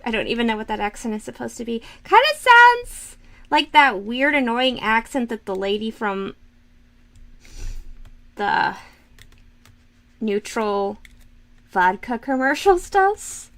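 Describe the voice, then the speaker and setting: Lively high-voiced woman streamer. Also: measured pace, pauses often. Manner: rambling, self-mocking, giggly. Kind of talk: casual livestream chat while drawing.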